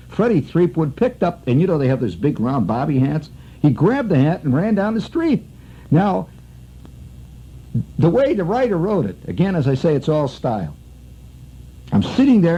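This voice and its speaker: A man's voice: high-pitched, mellow, slightly rough. A middle-aged man hosting a radio show, telling a long rambling story full of asides. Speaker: radio host. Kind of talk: storytelling monologue. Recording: muffled old radio broadcast with faint music.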